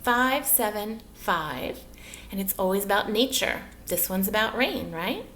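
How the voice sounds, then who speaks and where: A woman with an American accent teaching a children's online lesson, speaking in a bright, sing-song teacher voice and slowing down to read poems aloud. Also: mid-range voice, expressive, roomy sound. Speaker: movement artist teaching children.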